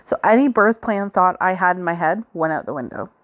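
A woman's voice: on the low side, expressive, brisk, muffled recording. A woman hosting a podcast, telling her own story in a chatty, casual way with frequent fillers. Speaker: podcast host.

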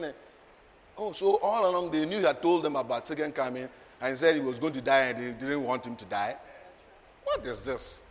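A man preaching a sermon, moving from quiet asides to loud, laughing declarations. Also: medium pitch, normal speed. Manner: emphatic, swings from soft asides to loud declarations, laughs often. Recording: long hall reverb, faint ambient noise.

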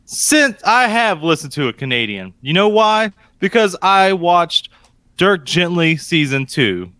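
A man co-hosting a podcast in loose, blustery chat, dropping swear words freely. His pitch rises and falls a lot as he talks. The sound is dry and close, from a mic he holds in his hand. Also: big pitch swings, measured pace, pushed and bright, no room sound. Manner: profane and blustery. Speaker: podcast co-host. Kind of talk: casual chat. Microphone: handheld mic.

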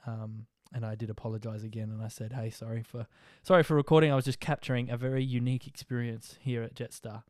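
A young Australian man casually telling an animated, slang-filled story about a flight, with jokey rhymes. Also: mid-range voice, fast, hardly any pauses, no room sound, studio quality. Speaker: social media vlogger.

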